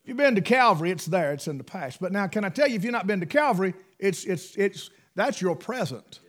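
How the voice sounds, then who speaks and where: A man preaching a sermon in a folksy, emphatic way, swinging between loud bursts and hushed asides. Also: sits high, expressive, a little fast.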